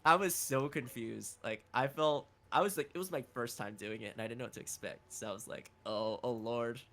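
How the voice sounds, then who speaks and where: A talkative man telling stories on a gaming stream, his voice bright and forward. His pitch swings widely as he acts out quotes, over a faint hiss behind him. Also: brisk. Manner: talkative storyteller, lively acted quotes. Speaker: guide and fellow voice actor. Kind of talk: casual livestream chat.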